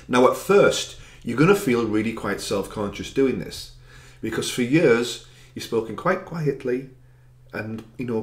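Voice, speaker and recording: A man's voice: medium pitch, roomy sound. A man working as an anxiety coach gives a direct, encouraging self-help talk, stressing chosen words with extra volume.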